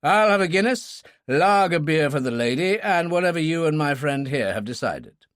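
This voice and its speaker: A man's voice: fairly high pitch, lively intonation, normal speed, fairly bright tone, no echo, studio quality, voice pushed up. A man voicing a genial, courtly older brigadier in an audiobook.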